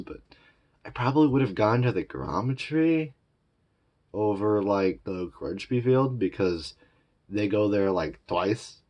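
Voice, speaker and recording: Male reviewer, lowish voice, casual rambling delivery. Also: darkish tone, lo-fi sound. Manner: rambling and repetitive, loose fillers. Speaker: show reviewer.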